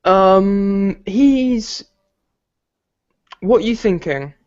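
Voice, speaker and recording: A man runs a tabletop game as game master, hesitant and full of fillers. He talks slowly and easily. The recording is dull and lo-fi. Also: high-pitched, clean tone. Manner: relaxed, hesitant, filler-heavy.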